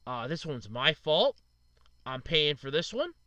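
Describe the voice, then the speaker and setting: A man's voice: a little high, big pitch swings, a little slow, sharp tone, dry recording, highs cut off. A man in his thirties hosting a casual solo podcast, venting in frustration and blaming himself, with lots of "uh". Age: 30s. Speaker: podcast host.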